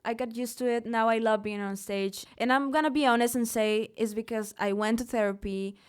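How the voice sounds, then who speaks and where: A woman's voice: fairly high pitch, steady tone, a little fast, smooth. A young woman from Mexico talks candidly in a live interview at a studio event. She speaks with emphasis and often restarts her words mid-thought. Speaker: singer being interviewed.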